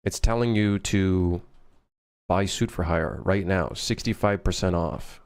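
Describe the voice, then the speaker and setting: Low-voiced man rambling on a stream. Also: measured pace, smooth. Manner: rambling, jokey, swears freely, thinks out loud. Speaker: game developer streaming. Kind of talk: casual live-stream chat.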